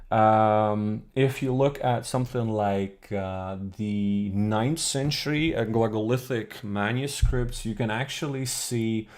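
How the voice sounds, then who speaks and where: His voice is lowish and a little mellow as he teaches an old alphabet book over a live stream. Along the way he answers questions read from chat, thinking aloud and catching himself mid-sentence to fix what he said.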